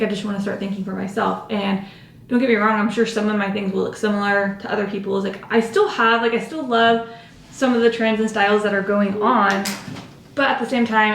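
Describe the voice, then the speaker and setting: A woman's voice: mid-range voice, vocal fry, roomy sound, slight background noise. Chatty young woman vlogging at home. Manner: rambling, filler-heavy, self-interrupting. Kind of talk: chatty vlog talking to camera. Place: home, indoors, doing makeup.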